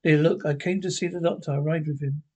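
A blunt young warrior woman, read aloud by a man. She speaks directly and plainly. The voice sits fairly high for a man. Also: fairly even intonation, fast, dark tone, dull audio, lightly acted.

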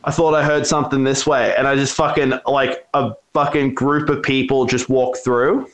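A man's voice: mid-range voice, level tone, normal speed, very noisy. A man casually telling a wild story, swearing constantly and acting out the voices in it. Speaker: storyteller guest.

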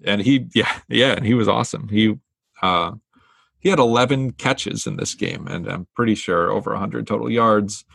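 Man, podcast co-host, low gravelly voice, relaxed and easygoing. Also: moderate pace, no room sound, clean studio sound. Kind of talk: casual sports chat.

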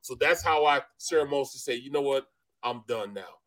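A man's voice: mid-range voice, a little fast, fairly bright tone. A middle-aged man spins an easygoing sports story in casual chat, peppering it with bro and man. He acts out the other people in his tale. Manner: laid-back, says bro and man a lot, acts out quotes. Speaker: former NFL lineman, co-host.

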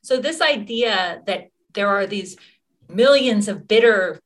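A woman's voice: mid-range voice, animated, takes it slowly. A middle-aged woman activist answering interview questions earnestly, with many fillers and restarts. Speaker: activist guest.

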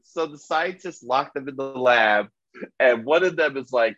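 A man casually retelling a story as a podcast co-host, animated and loose, full of filler words. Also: mid-range voice, moderate pace, no room sound. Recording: dull lo-fi dry recording.

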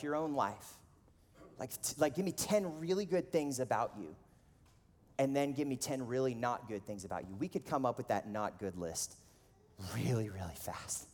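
Casual, animated male pastor in a hall. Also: medium pitch. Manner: casual, conversational, animated storytelling with frequent "like". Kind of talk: sermon. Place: church auditorium. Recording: long reverb of a large hall.

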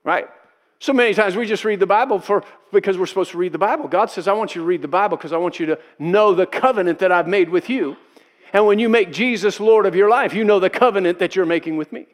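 Male pastor, high-pitched, emphatic preaching, repeats lines for emphasis, slips into quoted voices. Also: quick pace. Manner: emphatic, repeats key phrases for effect. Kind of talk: sermon.

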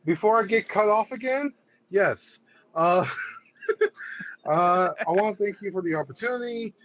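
A man's voice: high voice, animated, measured pace, a bit bright, slight background noise. A man joining a podcast as a guest, talking hesitantly with many "uh"s. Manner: hesitant, many filler sounds. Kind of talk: casual chat.

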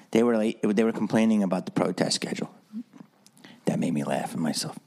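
A man's voice: lowish voice, lively intonation, fairly quick, dark tone. A man hosting a solo podcast, rambling through stories with a sarcastic edge. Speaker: podcast host.

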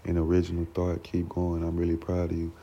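A man reading the lines of a gentle, encouraging schoolteacher father in his own deep, gravelly voice, on a dull lo-fi recording. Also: monotone, a little fast. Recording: dull lo-fi recording with faint noise.

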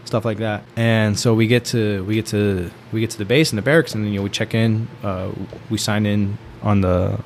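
A man's voice: lowish voice, flat delivery, brisk, hardly any pauses, a little hiss or hum. A young man telling a long personal story in a casual chat, rambling with lots of filler words and laughing often. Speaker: storyteller guest.

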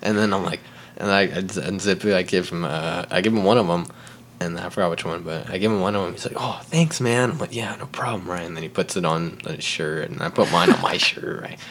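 A young man, a podcast guest, telling a school story in a casual, animated way, acting out the people in it and laughing often. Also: deep voice, fast talker, a little hiss or hum. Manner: animated, acts out quotes, laughs often, says "like" and "right?".

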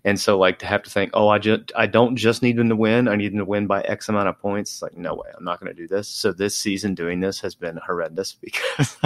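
A man's voice: sits low, dry recording. A man hosting a sports podcast, chatting casually with lots of ums and restarts and laughing easily. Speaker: podcast host.

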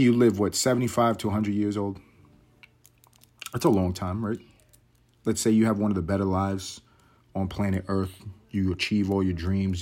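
A man hosting a podcast, talking in a rambling, profane, wry casual monologue. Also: medium pitch. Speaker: podcast host. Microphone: podcast mic.

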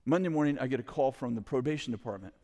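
A middle-aged man telling a story to an audience in a lively way, with loud bursts, acted quotes and chuckling asides. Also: medium pitch, racing. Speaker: ministry leader telling a story. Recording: long hall reverb.

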